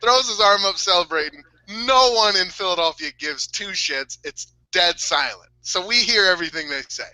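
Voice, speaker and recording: A man's voice: sits high, lively intonation, moderate pace, few pauses, pushed and bright, dry recording, poor audio. A man co-hosting a casual podcast, retelling a story while breaking into wheezing laughter and swearing freely. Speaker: podcast co-host.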